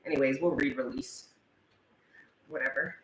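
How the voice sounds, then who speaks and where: A woman giving a casual tarot reading in a chatty manner, swearing freely and reading the card text slowly. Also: rumbling low. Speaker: tarot reader. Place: indoors, room with a live wasp. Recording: echoey room, faint background noise.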